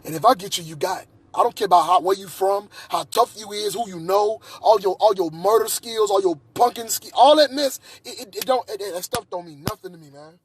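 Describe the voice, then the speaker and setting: A man's voice: high-pitched, brisk, few pauses, breathy edge. A man in a heated personal monologue, agitated and repeating himself. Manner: agitated, repetitive, restarts often. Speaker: vlogger.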